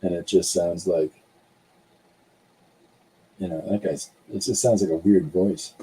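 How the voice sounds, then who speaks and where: Deep, scratchy-voiced man, dark tone. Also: fairly even intonation, measured pace, slightly rough. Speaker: podcast co-host. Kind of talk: casual chat while drawing.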